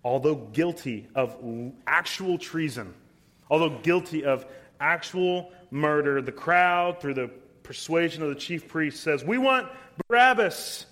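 A man preaching an expository sermon, emphatic and deliberate, reading scripture verses aloud between his comments. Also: on the high side, a bit bright. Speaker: pastor.

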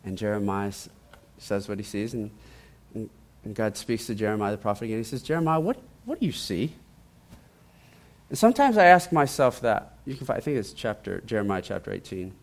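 A man preaching, telling a testimony in a lively storytelling way and often repeating his words as he goes. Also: on the low side, brisk, vocal fry. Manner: animated storytelling, acts out quoted voices, repeats words.

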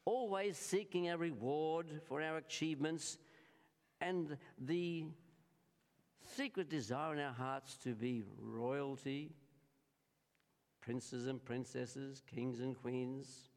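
An Australian man preaching a sermon, slow and deliberate, stressing key words and turning often to address the congregation. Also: mid-range voice. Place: church. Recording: reverberant church hall.

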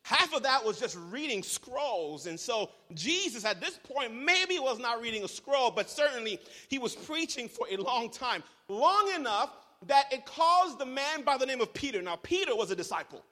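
A man preaching a sermon as pastor, telling the story with humor and animated asides. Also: very high voice, normal speed, hardly any pauses. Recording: large hall reverb.

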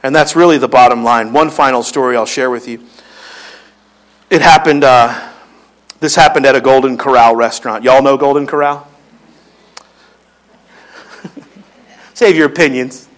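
A man's voice: medium pitch, measured pace, pauses often, poor audio. A man preaching a sermon, telling stories in a joking, conversational way. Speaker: pastor.

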